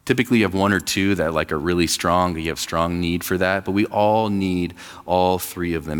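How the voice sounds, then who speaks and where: A man's voice: deep voice, steady tone, normal speed, in a large hall. A man in his thirties, pastor of a church, preaching a conversational sermon and acting out quoted voices. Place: church sanctuary.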